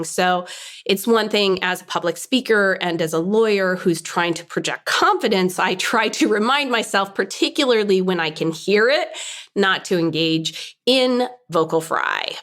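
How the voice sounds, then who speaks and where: A woman in her forties, a lawyer by trade, speaks as a guest on a casual podcast. She explains things in a measured, articulate way, recorded in a hair salon. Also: mid-range voice, a bit bright. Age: 40s. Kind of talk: casual interview.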